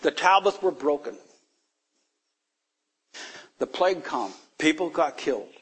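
Slow, husky man preaching emphatically. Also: a little high, animated. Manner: emphatic, drawn-out delivery with sudden loud peaks. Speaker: Bible teacher. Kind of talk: sermon.

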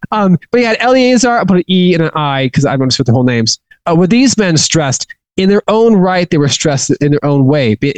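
A man teaching a Bible study in an informal, chatty way, halting with frequent restarts and chuckles. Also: medium pitch, no echo, poor audio.

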